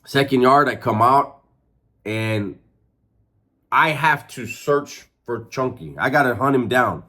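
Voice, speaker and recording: A man's voice: mid-range voice, animated, slow pace, bright, forceful tone. A middle-aged former prisoner telling his story candidly, in street slang, with lots of restarts and swearing. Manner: streetwise, profane, frequent restarts.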